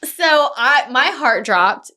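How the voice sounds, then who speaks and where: A woman in her thirties co-hosting a casual podcast chat, telling an animated story and acting out the voices she quotes. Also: high-pitched, slow. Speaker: podcast co-host, real estate agent.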